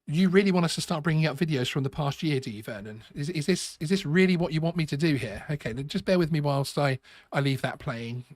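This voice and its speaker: A man's voice: on the high side, lively intonation, a little mellow, no echo, clean studio sound. A man hosting a live stream, talking casually with many restarts and a sarcastic edge. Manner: halting, repeats words, sarcastic. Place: home studio.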